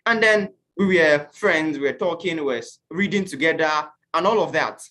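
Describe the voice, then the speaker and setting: A man from Nigeria teaching an online class, earnest and questioning, at times acting out shouted quotes. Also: on the high side, expressive, moderate pace. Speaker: youth teacher.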